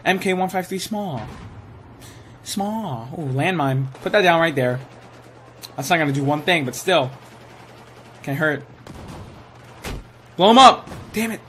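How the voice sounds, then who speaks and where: A young man giving live commentary while playing a shooter game, excitable and swearing, sometimes saying he is tired. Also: fairly high pitch, unhurried, pauses often, slight background noise. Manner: excitable, swears, yells at kills. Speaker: gaming streamer.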